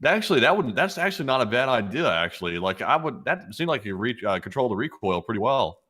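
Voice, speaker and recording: A man's voice: mid-range voice, very animated, fast talker, bright, forceful tone. A man co-hosting a casual livestream, reading out donations in an easygoing, plain-spoken way. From Southern United States.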